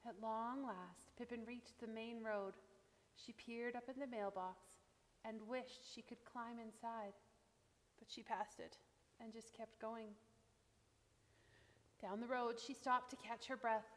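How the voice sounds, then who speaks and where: Female storyteller reading aloud to kids, gentle and expressive, echoey room. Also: on the high side, slow, long pauses. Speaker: children's storyteller. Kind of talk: reading a picture book aloud.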